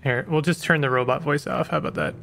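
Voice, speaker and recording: A man's voice: fairly high pitch, steady tone, quick pace, creaky, background noise. A man streaming a video game, talking casually and apologetically with lots of fillers about his microphone. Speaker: gaming streamer. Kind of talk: casual let's-play commentary. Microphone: desk microphone.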